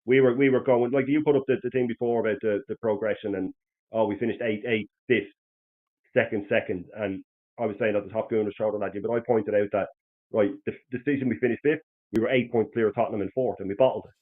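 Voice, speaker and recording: A man with an Irish accent hosting a casual football chat, rambling and animated, with lots of restarts. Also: lowish voice, quick pace. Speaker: host. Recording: tinny phone-like line.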